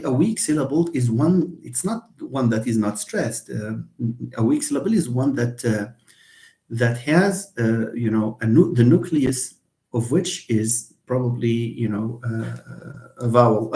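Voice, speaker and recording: A man's voice: mid-range voice, expressive, unhurried, warm tone. A man giving a university linguistics lecture, hesitant, with many fillers and restarts. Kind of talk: lecture reviewing phonology. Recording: echoey room.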